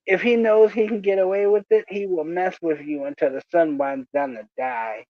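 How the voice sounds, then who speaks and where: High voiced guy rambling thru old work stories, laughs a lot, kinda muffled dry sound. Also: moderate pace, no echo. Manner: animated, laughs often, acts out coworkers' voices. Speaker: storyteller recalling fast-food job. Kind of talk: casual storytelling chat.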